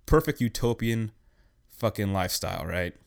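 Young guy swearing nonstop on his podcast, kinda low voice, blunt rant. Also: animated, normal speed, vocal fry. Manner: profane, blunt, ranting. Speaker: podcast host. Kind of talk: casual rant.

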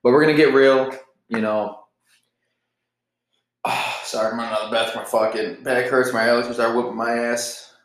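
A man's voice: medium pitch, steady tone, moderate pace, long pauses, reverberant, poor audio. A man in his twenties hosting a solo podcast, talking in a rambling, candid, profane way, jittery from caffeine. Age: 20s. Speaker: podcast host. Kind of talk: casual solo podcast monologue.

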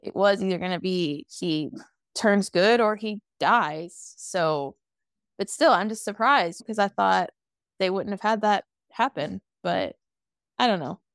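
Brief: twenties woman co-host, sassy casual recap, mid pitch, dry close sound. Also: creaky, dry recording. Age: 20s. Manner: sassy, swears freely, acts out lines in quick voices. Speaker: podcast co-host. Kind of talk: casual movie recap chat.

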